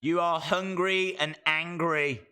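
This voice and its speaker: A man streaming a live wrestling watch-along, reacting with jokes and sudden shouted mimicry. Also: a little high, takes it slowly, clean tone. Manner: animated, jokey, mimics wrestlers in shouted bits.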